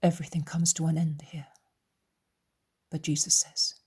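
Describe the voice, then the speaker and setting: 轻声耳语朗读的女声有声书旁白. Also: female voice, low voice, flat delivery, moderate pace, pauses often, breathy edge. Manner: soft, hushed, mostly whispered delivery. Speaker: audiobook reader. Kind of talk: whispered audiobook narration.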